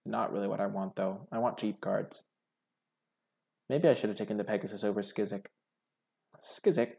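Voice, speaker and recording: Young male game host, lowish voice, casual think-aloud draft commentary with lots of fillers. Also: steady tone, moderate pace, vocal fry, mellow. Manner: musing, hesitant, many "like" fillers. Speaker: card game video host.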